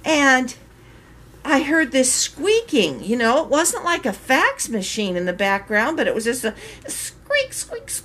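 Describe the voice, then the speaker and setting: An older woman casually telling a story to her viewers, chatty and animated, acting out the quoted voices. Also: high-pitched, unhurried, a little hiss or hum. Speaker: reborn doll maker vlogger.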